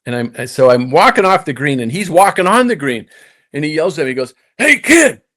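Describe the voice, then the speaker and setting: Animated storytelling man, middle-aged. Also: a little high, quick pace. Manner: animated, shifting between hushed and emphatic. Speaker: podcast guest, former pro golfer. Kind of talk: casual storytelling in conversation.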